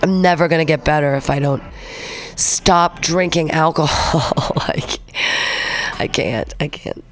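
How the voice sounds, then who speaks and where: A woman's voice: deep voice, a little slow, slight background noise. A woman in her forties hosting a radio show alone, rambling and swearing, emotional as she talks. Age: 40s. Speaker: radio host. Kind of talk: casual solo radio talk.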